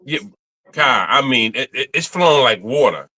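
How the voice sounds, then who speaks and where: A man's voice: mid-range voice, animated, normal speed, pushed and bright. A man co-hosting a livestream, chatting casually in slang, laughing and stammering. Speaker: co-host of a livestream watch-along. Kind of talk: casual chat reacting to a livestream.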